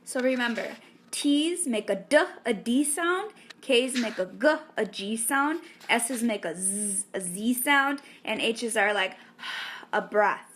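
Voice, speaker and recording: Slow, careful woman teaching sounds. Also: fairly high pitch, animated, a bit bright. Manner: slow, careful, clearly enunciated. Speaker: language teacher. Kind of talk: spoken language lesson with drills.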